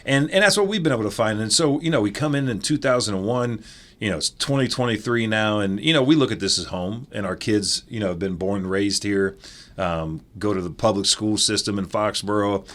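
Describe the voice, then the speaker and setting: Chatty Midwestern man, lower voice. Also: brisk. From American Midwest. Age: 40s. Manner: animated storyteller, chatty with lots of fillers. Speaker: former football player, interview guest. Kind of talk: casual interview.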